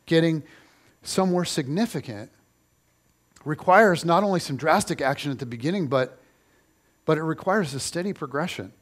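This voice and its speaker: Middle-aged man, pastor, sermon, slightly high voice, animated storytelling, repeats phrases. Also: moderate pace, long pauses.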